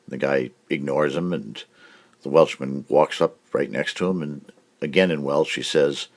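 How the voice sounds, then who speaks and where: A man's voice: a bass voice, unhurried, a little mellow. A man hosting a cartoon comedy show, telling jokes in a brash, punchy way. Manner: brash, punchy joke delivery with put-on voices. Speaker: comedy host. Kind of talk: joke-telling comedy monologue.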